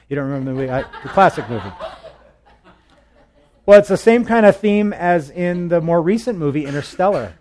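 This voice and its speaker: A man gives a relaxed, conversational Bible teaching at a middle pitch. He keeps turning to his listeners with questions and slips jokes in between the verses. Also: normal speed. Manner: chatty, asks the listeners questions, tells jokes.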